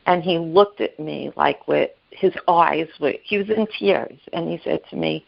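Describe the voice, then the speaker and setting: A woman telling an emotional personal story as a guest, halting and repeating herself, acting out the voices of the people she quotes. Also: low-pitched, creaky, husky, muffled recording. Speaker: guest sharing her story. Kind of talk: emotional personal testimony on a podcast.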